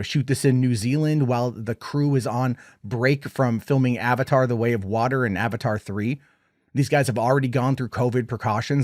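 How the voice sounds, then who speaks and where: A man giving a casual, rambling film review, retelling scenes in an animated way. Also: mid-range voice, no echo, clean studio sound.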